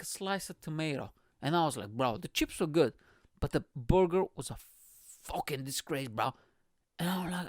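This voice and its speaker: Male podcast host, animated swearing rant, dry close sound. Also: high voice, no room sound. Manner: animated, profane, slangy storytelling with frequent "bro". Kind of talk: casual ranting monologue.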